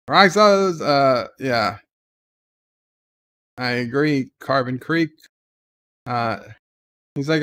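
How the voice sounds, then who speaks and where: Hosting a casual live watch-along, this man talks at a mid-range pitch, slowly and with frequent pauses, in a sharp tone. He loosely retells the scenes, scattering plenty of "uh" and "like" fillers, and responds to viewer chat in passing.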